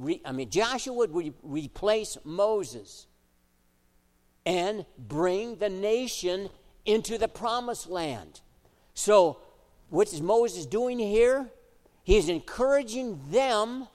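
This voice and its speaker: A middle-aged male pastor preaching a sermon, switching between emphatic exhortation and quiet, chatty storytelling. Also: high voice. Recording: echoey hall reverb.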